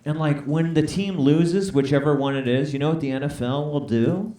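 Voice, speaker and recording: A man's voice: fairly high pitch, moderate pace, dark tone. A man doing a stand-up comedy set on a club stage, playfully bantering with the audience. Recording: echoey club, mic at a distance, crowd noise. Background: audience laughter.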